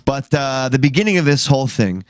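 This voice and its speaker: A man's voice: mid-range voice, a little fast, no room sound, clean studio sound. Man cracking profane jokes on a podcast. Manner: profane, joking, energetic banter. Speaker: podcast co-host. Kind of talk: casual podcast chat.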